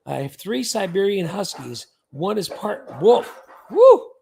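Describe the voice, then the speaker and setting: Gravelly older man hosting a livestream. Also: high-pitched, animated, measured pace, darkish tone, a little hiss or hum. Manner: rambling, chatty, full of fillers. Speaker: host. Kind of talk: casual livestream chat.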